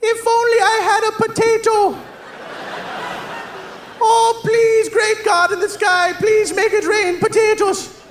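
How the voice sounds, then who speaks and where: A man's voice: very high-pitched, flat delivery, slow, pauses often, roomy sound, a little hiss or hum, voice pushed up. A man doing the voice of a starving, picky man who wails and pleads dramatically. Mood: wailing. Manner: wailing, pleading, overly dramatic. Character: whiny starving adult man, melodramatic and picky.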